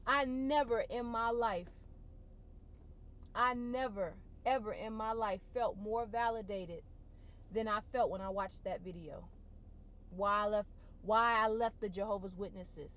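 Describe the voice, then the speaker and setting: On the edge of crying, a woman vlogger tells her emotional personal story a little slowly, in a medium-pitched voice. She keeps it casual and expressive, repeating certain phrases to underline them.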